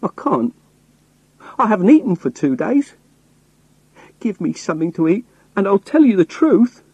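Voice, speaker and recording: A man takes on a cornered young man posing as a sailor, pleading and protesting. His voice climbs well above the narration, husky and full of urgency. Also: sits high, big pitch swings, normal speed, dark tone, no echo, lo-fi sound, pitched above the performer's own voice, full character voice. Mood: pleading, angry. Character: hunted young man faking a rough sailor.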